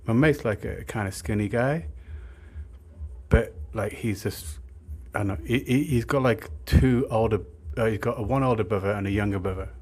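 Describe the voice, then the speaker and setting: A man's voice: lowish voice, moderate pace, a little mellow, slightly rough. A young man telling a rambling, sweary story, with lots of filler words. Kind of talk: casual storytime monologue.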